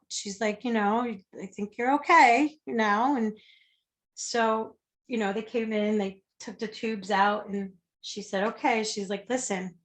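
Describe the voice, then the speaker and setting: A woman's voice: medium pitch, steady tone, measured pace, a bit bright. A woman guest telling a personal story in a conversation, speaking candidly, swearing freely and acting out the people she quotes. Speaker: interview guest.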